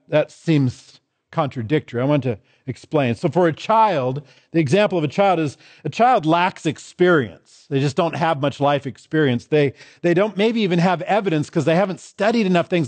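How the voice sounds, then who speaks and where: A man's voice: on the high side, a little mellow, no room sound. A man preaching a sermon as pastor, stressing and repeating his key phrases in contrasting pairs.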